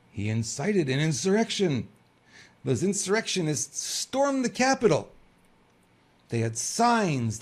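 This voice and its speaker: This middle-aged man from New York talks through the news as a show host in a loose, rambling monologue full of fillers. His voice sits a touch high for a man and carries a rough, gravelly edge. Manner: rambling and conversational, many fillers. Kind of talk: political commentary monologue.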